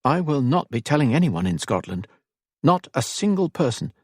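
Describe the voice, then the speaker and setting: A man's voice: medium pitch, very animated, moderate pace, darkish tone, slightly rough, voice pushed up. A man voicing a young English noblewoman. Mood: earnest. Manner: firm, polite, proper speech.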